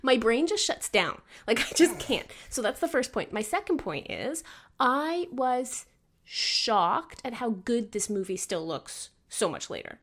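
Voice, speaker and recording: A woman co-hosts a casual podcast. She gives blunt opinions with deadpan humor. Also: on the high side, unhurried. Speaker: podcast co-host. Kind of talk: casual chat.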